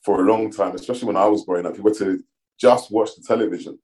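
Male guest, middle-aged, warm lowish voice, measured and reflective. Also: steady tone, low-quality recording. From London, England. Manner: measured, reflective storytelling with frequent ums. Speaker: podcast guest. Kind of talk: casual interview conversation.

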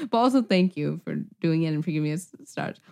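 A woman's voice: lowish voice, animated, moderate pace, creaky, mellow. A woman co-hosting a film podcast, chatting casually and laughing often as she reads listener reviews aloud with playful asides. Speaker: podcast co-host. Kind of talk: casual chat.

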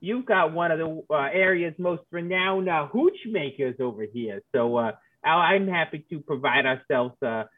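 A man doing a backwoods mountain hermit, folksy drawl, rough grammar, higher voice, tinny line. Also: moderate pace, few pauses, dry recording, close to an everyday voice. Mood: hearty. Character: folksy male mountain hermit and hooch maker. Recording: tinny phone-like call line.

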